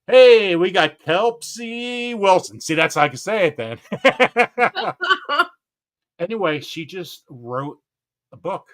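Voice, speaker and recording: This gardening live stream host talks casually and excitably, often breaking into laughter and fumbling names. His voice sits in the mid range.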